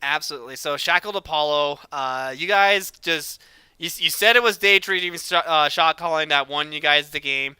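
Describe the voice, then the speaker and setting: Chatty guy casting a league stream, kinda high voice, super clear. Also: normal speed, sharp tone, no echo. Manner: upbeat, chatty, reads chat questions aloud. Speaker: esports caster interviewing players. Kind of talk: casual stream chat.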